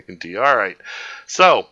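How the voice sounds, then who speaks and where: A man hosts a live online chat show, rambling and cracking jokes at his own expense. His voice is bright and forceful. The audio is a bit dull and lo-fi, like a home livestream. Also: on the low side. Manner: rambling, jokey, self-mocking. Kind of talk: casual chat.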